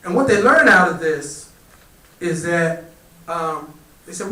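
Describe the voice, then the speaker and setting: A man, a community spiritual teacher, telling a parable to a live gathering in a relaxed storytelling way. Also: fairly high pitch, takes it slowly, long pauses. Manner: relaxed storytelling, lively quoted animal voices. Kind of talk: storytelling talk to a live audience. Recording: roomy echo, voice from far off the mic.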